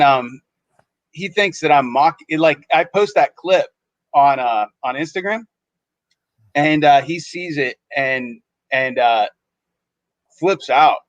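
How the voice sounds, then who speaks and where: A man's voice: a little high, slow pace, long pauses, dry recording. A man, a podcast co-host, telling a story in casual chat and acting out other people's lines in shifting voices. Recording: dull lo-fi sound.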